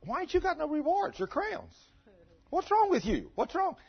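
A man voicing an excited man who greets a friend in heaven with high, loud, quick questions. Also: vocal fry, full character voice. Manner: shouted high-pitched questions. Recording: dull lo-fi sermon recording.

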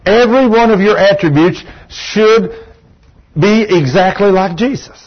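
A man preaches a sermon in a church, his voice pitched a little high. He talks emphatically and repeats himself, slipping into folksy stories. The recording sounds dull and lo-fi. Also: measured pace. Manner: emphatic, repetitive, folksy storytelling.

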